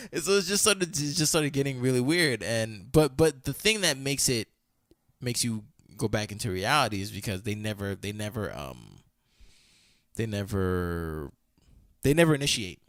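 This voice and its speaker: A young man in a casual podcast chat, telling a story with a pitch that swings widely up and down. He is animated and acts out other people's lines. The sound is dry and close, with no room echo. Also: normal speed. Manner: animated storytelling, acts out quoted dialogue, laughs often. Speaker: podcast co-host.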